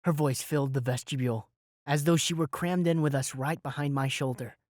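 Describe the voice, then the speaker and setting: A young man narrating a fantasy audiobook in the first person with lively, dramatic delivery. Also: on the high side, brisk, no room sound, clean studio sound. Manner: lively, dramatic storytelling with shouted spells.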